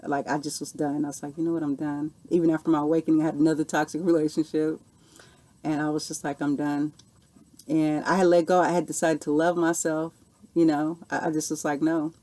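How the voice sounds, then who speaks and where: Woman, 40s, earnest vlogger answering viewer questions, slightly low voice. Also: fast talker. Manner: earnest, animated storytelling with repeated "okay" and "you know". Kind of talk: casual Q&A monologue.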